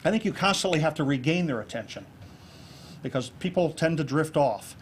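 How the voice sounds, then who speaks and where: A man giving a keynote speech to a club audience on presentation skills, lively and jokey, acting out examples. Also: on the high side, a little fast, slight background noise. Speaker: keynote speaker. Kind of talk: public speaking talk on presentation skills. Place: club meeting room with an audience.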